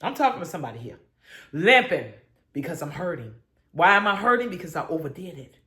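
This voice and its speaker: A woman's voice: on the low side, sing-song, brisk, sharp tone, echoey room. A woman minister leading a spirited morning devotion, calling out to her listeners with exuberant call-and-response.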